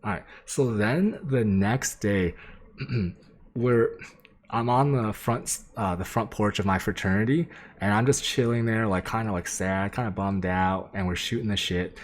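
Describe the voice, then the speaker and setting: Male streamer with a very low voice, casual and sweary, rambling through a story to chat. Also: measured pace. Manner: rambling, profane, lots of "like" and "um"; sketches while he talks, addressing chat. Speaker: game streamer.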